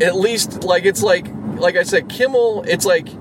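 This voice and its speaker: A man's voice: high voice, moderate pace, background noise. A man ranting casually, swearing often and rambling through half-finished thoughts. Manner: profane, rambling, exasperated. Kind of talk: casual rant.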